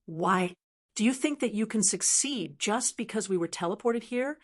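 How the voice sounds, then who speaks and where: A woman narrator voicing a calm, confident young male swordsman in a fantasy audiobook. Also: medium pitch, normal speed, natural voice. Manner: calm and disdainful.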